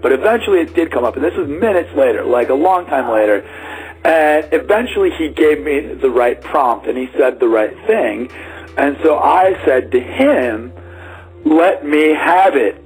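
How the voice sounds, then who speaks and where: A man's voice: medium pitch, darkish tone, breathy edge, low-quality recording. A man telling a personal story in a casual, rambling way, full of fillers and acted-out quotes. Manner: rambling, many "like"s, acts out quotes.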